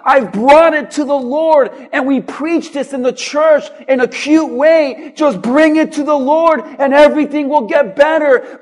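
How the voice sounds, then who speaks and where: A man preaching in a church with a very high voice. He speaks slowly and leans on repeated lines, climbing toward a shout at times. His delivery is that of a pastor working a congregation. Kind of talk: sermon.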